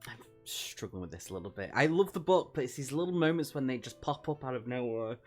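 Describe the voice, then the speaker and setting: A man's voice: medium pitch, expressive, fast, faint music behind. Emphatic man reviewing a horror book. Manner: emphatic, reacting with disgust and delight. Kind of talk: book review vlog, reading excerpts aloud.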